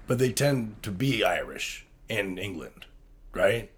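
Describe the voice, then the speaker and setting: A man's voice: lowish voice, very animated, slow, husky. A man hosting a podcast, chatting casually with dry joking asides. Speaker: podcast host.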